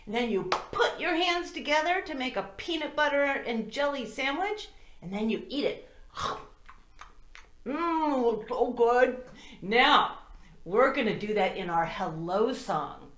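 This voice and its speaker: A woman teaching a children's circle-time lesson, talking slowly and in a sing-song way to small children, with songs. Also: high voice, sing-song, fairly bright tone. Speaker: preschool teacher. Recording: roomy echo.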